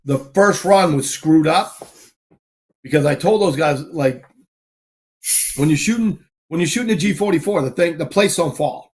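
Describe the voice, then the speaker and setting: A fairly high-voiced man chats casually. He tells his story with animated energy and slips into shouted calls and other people's voices as he goes. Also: moderate pace. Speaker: podcast host.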